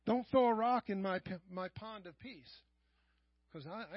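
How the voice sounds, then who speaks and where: A middle-aged man preaching a sermon in church, swinging from quiet asides to loud raised passages. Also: sits high, no echo. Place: church sanctuary. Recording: dull, lo-fi church live stream.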